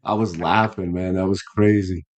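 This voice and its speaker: A man's voice: low-pitched, fairly even intonation, normal speed. A man in his fifties, a guest boxer in a casual interview, talking earnestly with many restarts and fillers. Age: 50s.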